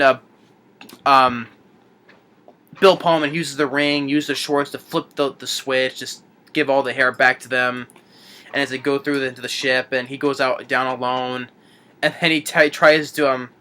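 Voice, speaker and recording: Bright-voiced man rambling through a movie recap. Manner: rambling, many restarts and fillers; acts out movie lines in a higher voice. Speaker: film reviewer.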